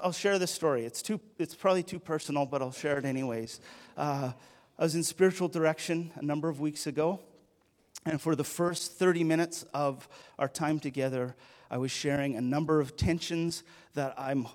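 A middle-aged man giving a sermon, telling a personal story in an earnest, conversational way that rises in intensity. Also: on the high side. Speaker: pastor.

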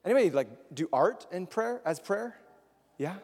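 A man's voice: high voice, animated, moderate pace, darkish tone, breathy edge. A man giving a casual sermon to a congregation, chatty and questioning the audience. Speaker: preacher. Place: large hall with congregation. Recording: long echoing hall reverb.

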